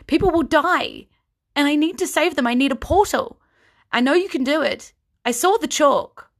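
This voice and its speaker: A woman's voice: sits high, expressive, moderate pace, gravelly, pitched above the performer's own voice. A woman voicing a determined young female spellcaster who pleads urgently. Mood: pleading.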